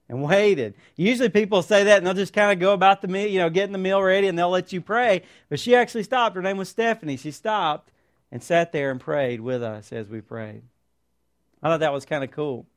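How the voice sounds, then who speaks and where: High-voiced man preaching a sermon. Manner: earnest storytelling, rhetorical questions to the congregation. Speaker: pastor. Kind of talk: sermon with personal stories.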